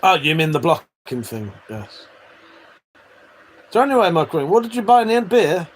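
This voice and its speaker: A man's voice: on the high side, sing-song, moderate pace, slight background noise. A man hosting a livestream, reading out chat messages in a casual, joking way, swearing freely and laughing often. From Britain.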